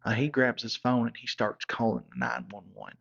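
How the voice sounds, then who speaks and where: A gravelly, rough-edged man with a drawl rambles through a wild comic story, cussing freely as he goes. His voice sits at an everyday middle pitch, and the recording sounds dull and lo-fi. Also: normal speed, a bit bright. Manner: rowdy, profane, rambling backwoods tall-tale telling. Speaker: comedic storyteller.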